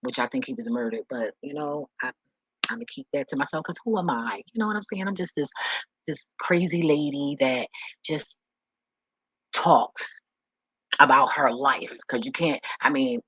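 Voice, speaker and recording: A woman's voice: rumbling low, animated, moderate pace, fairly bright tone, husky, no room sound, low-quality recording. A woman vlogger telling personal stories straight to the camera, frank and full of swearing, who repeats words when she gets emotional. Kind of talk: candid personal storytelling to camera.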